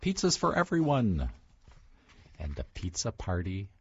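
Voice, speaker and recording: A cheerful dog chef from a picture book, read aloud by a man. The voice is low, husky and unhurried. The sound is dull and lo-fi. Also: wildly swooping pitch, dry recording, exaggerated voice.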